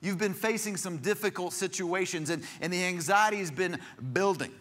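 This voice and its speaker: A pastor preaches in a church with a high, bright voice. He tells stories conversationally, often restarting phrases as he goes. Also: normal speed. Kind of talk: sermon. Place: church sanctuary.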